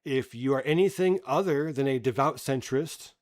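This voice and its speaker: A man's voice: mid-range voice, moderate pace, a little mellow. A man ranting bluntly and profanely in casual livestream commentary. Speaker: streamer.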